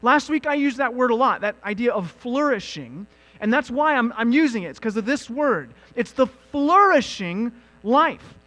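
Male pastor, high and animated preaching voice, faint mains hum. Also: moderate pace, poor audio. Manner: animated teaching with emphatic asides. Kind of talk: sermon.

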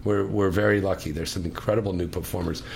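A man's voice: low-pitched, fairly even intonation, fast, creaky, a little hiss or hum. A middle-aged man hosting a radio talk show, joking crudely and chatting casually. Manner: crude, boastful banter.

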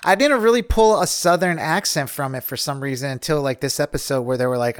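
Rambling man podcast co-host, higher voice. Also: fast talker, few pauses, clean tone. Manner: enthusiastic, rambling, laughs easily. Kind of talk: casual chat.

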